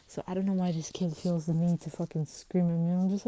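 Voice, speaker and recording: Low-voiced woman telling a heated story. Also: flat delivery, a little fast, few pauses, mellow, no room sound, poor audio. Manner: rambling and heated, swearing, with restarts. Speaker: vlogger. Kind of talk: casual storytelling vlog.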